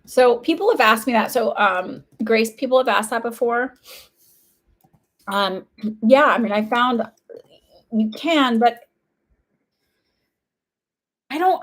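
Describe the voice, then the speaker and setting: A woman's voice: on the high side, expressive, measured pace, pauses often. Chatty woman hosting live psychic readings. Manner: chatty, warm, with frequent "like" fillers and laughs. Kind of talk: casual livestream chat.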